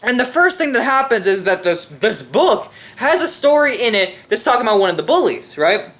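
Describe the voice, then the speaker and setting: A woman's voice: a little high, sing-song, a little fast, fairly bright tone. A young woman in a casual comedic movie rant, profane and sarcastic. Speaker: movie reviewer.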